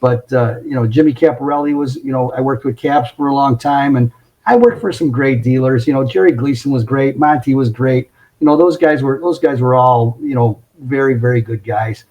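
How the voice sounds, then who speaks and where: A man's voice: medium pitch, normal speed, lo-fi sound. A middle-aged man telling car-sales stories in casual chat, laughing as he goes. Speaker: podcast guest. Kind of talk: casual storytelling. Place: home closet.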